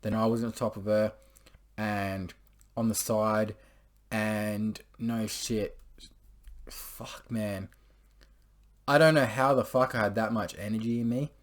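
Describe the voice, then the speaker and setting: A young man with a fairly low voice telling a personal story to camera. He rambles in a crude, offhand way, swearing freely and scattering filler words through every sentence. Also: fairly even intonation, takes it slowly, long pauses. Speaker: vlogger. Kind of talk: casual storytelling monologue.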